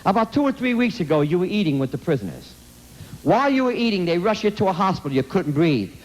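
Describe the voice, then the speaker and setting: A man's voice: high voice, very animated, fast talker, low-quality recording. A man giving an impassioned anti-drug lecture to students, telling a story dramatically and pleading emphatically. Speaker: speaker addressing students.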